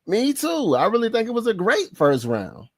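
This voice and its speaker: Animated man with a gravelly voice. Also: high-pitched, moderate pace, no room sound, clean studio sound. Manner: excitable, slangy, laughs often. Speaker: podcast host. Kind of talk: casual sports talk.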